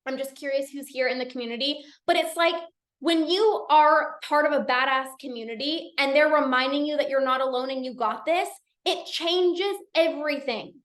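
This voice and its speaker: A woman coach talking casually in a live session, energetic and chatty with many restarts. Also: sits high, normal speed, echoey room. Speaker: binge eating coach hosting a live session. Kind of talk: casual live-stream talk.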